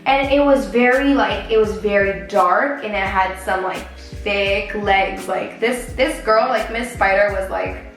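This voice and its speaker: A woman in her twenties telling a story in a casual vlog while doing her makeup, animated and chatty, with many "like" fillers. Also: medium pitch, unhurried. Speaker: beauty vlogger. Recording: roomy echo with faint background music.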